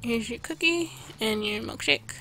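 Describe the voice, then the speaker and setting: Casting: higher-pitched woman, casual gameplay narration, game music underneath. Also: expressive, a little slow, sharp tone. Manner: chatty, reads out orders to customers while playing. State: losing her voice. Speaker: gameplay video host. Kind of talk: casual let's-play commentary.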